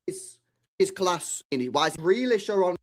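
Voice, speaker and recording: A young man live-streaming his reaction to a football match, excitable and slangy, shouting at the screen and swearing. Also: high voice, normal speed.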